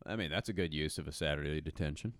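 A man's voice: very deep voice, quick pace, a bit bright, slight background noise. A man in his thirties, co-hosting a podcast in easygoing, agreeable chat and laughing along. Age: 30s. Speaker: podcast co-host. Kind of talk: casual chat.

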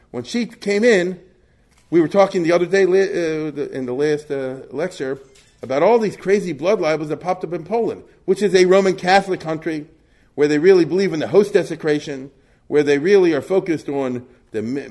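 A man's voice: fairly high pitch, normal speed, a little mellow. A man giving a history lecture in a conversational, rambling way, with many fillers, asides and rhetorical questions he answers himself.

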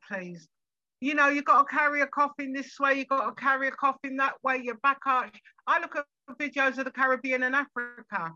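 A woman's voice: high voice, pushed and bright, dry recording, lo-fi sound. A woman funeral director speaking as an interview guest, frank and emphatic, often telling stories. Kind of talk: interview conversation.

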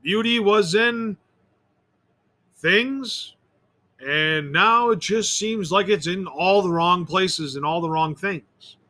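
Rambling, opinionated man with a high, bright voice. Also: slow. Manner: rambling, opinionated, repeats and restarts words. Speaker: podcast host. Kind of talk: rambling solo monologue.

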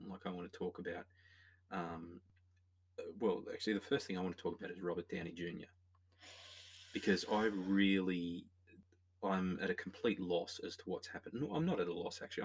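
A man's voice: low-pitched, breathy edge. An opinionated man, chatting casually as a podcast co-host about a film, rambling with many restarts. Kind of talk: casual film review chat.

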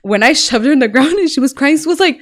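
A woman's voice: high voice, expressive, fast talker. A young woman co-hosting a casual chat podcast, telling stories animatedly and laughing as she goes. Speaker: podcast co-host.

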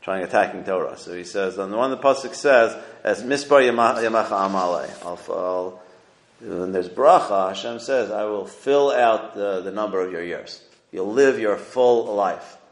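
A man's voice: lowish voice, normal speed. Man teaching Talmud in an echoey room. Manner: conversational, checks in with "okay?" and "right?", translates Aramaic as he goes. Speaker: Torah teacher. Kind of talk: casual Talmud lecture.

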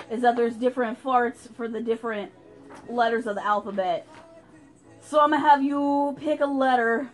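Giggly, drowsy high-pitched young woman. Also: moderate pace, faint music behind. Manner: giggly, slurring, drifting and distracted. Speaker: reader of a book to a friend. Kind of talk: casual chat, reading aloud.

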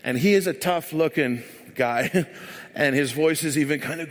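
Church speaker, man, high voice, rambling and joking, long hall reverb. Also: moderate pace, a bit bright. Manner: rambling, joking, filler-heavy. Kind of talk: sermon with casual storytelling.

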